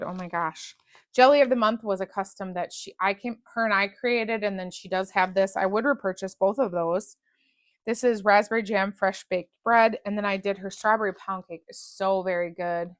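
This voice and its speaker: A woman's voice: mid-range voice, no echo. A woman talks casually about scented wax melts, gushing and restarting sentences as she goes. Her voice sits in the middle of the usual range, and the sound is dry and close. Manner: chatty, gushing, restarts often. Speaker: wax melt reviewer. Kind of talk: casual product review chat.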